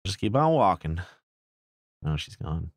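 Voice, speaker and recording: A man's voice: low-pitched, very animated, measured pace, no echo, clean studio sound. A young man streaming a horror game, muttering, swearing and laughing as he plays. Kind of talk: casual gameplay commentary.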